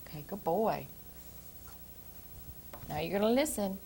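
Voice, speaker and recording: A woman teacher in a listening lesson with a young boy, repeating syllables in a slow, sing-song, coaxing way. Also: mid-range voice, lively intonation, bright, forceful tone. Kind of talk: speech therapy lesson with a child.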